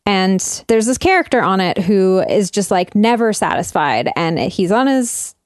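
A woman's voice: mid-range voice, sing-song, dry recording. Chatty young woman, dry close sound. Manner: chatty, laughs often, quick asides. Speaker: podcast host. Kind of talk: casual podcast chat.

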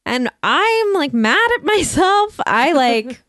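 A woman's voice: sits high, sing-song, slow, a bit bright, no room sound, studio quality. A woman hosting a podcast, telling a story in a chatty, self-mocking way and laughing often. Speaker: podcast host. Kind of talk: casual chat.

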